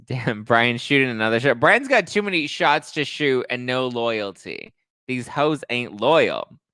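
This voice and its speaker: A man hosts a relaxed live stream, dishing on a reality show and reading out viewer comments in a gossipy way. His voice sits at an ordinary middle pitch. The sound is close and dry. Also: measured pace, clean tone, dry recording. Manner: gossipy, quotes people in put-on voices. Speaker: host. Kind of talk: casual live-stream chat.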